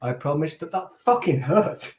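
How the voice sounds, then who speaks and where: A man's voice: fairly high pitch, sing-song, normal speed, a little mellow. A middle-aged man making crude, self-mocking jokes in casual group banter.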